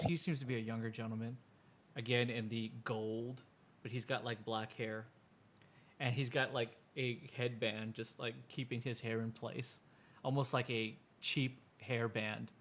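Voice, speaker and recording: Narrating a tabletop game as game master, a man rambles along with plenty of fillers. His mid-range voice has a fairly bright tone and fairly even intonation, and he talks a little slowly, with slight background noise behind him.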